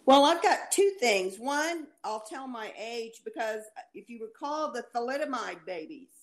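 A woman's voice: a little high, lively intonation, measured pace, low-quality recording. A woman calling in to a talk show, rambling as she tells her story. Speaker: caller.

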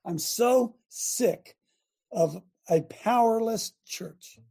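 An older man hosting a talk radio show, delivering a fiery, repetitive preachy rant that rises to shouts. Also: sits high, drawn-out words, vocal fry, husky.

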